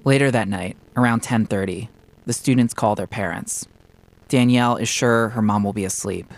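A man narrating a documentary story in a measured, descriptive way. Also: on the low side. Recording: loud noise under the voice.

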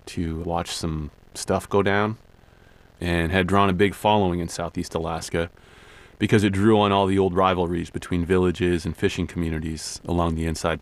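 Deep, gravelly man telling a story. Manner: relaxed and conversational. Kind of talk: personal storytelling narration.

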